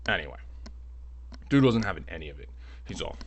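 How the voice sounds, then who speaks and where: A man telling a personal story in a casual, rambling, animated way, filling his talk with "like", at home. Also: low voice, fairly quick, noisy background. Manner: rambling, animated, heavy use of "like".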